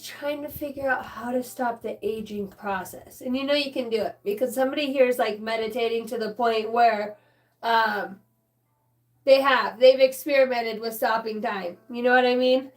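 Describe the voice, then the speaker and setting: A woman with a fairly high-pitched voice speaks at a moderate pace, giving a rambling, casual channeled reading. A spiritual channeler, she's chatty, swears freely, and addresses her listeners directly.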